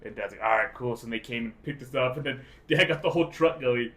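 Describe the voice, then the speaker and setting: Fast-talking young man telling stories. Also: medium pitch. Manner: rambling, animated retelling with swearing and "dude". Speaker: podcast host. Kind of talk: casual storytelling chat.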